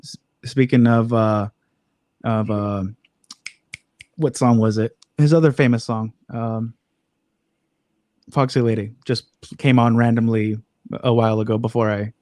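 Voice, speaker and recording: A man's voice: medium pitch, steady tone, a little slow, long pauses, dark tone, no echo. A man co-hosting a casual livestream chat, giving laid-back, agreeable replies.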